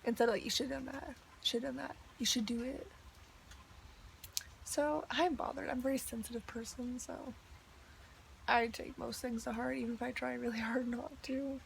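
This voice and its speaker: A woman's voice: a little high, steady tone, normal speed, creaky, slight background noise. A young woman ranting in a video diary, chatty and exasperated, with lots of "like". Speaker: vlogger.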